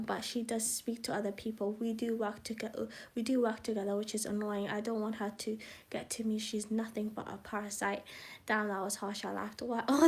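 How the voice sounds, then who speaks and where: Young woman, fairly high voice, live reader of her own book, halting and self-conscious, talks to chat between passages. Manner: rambling, self-conscious, halting with restarts and asides to viewers. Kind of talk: live casual reading and chat.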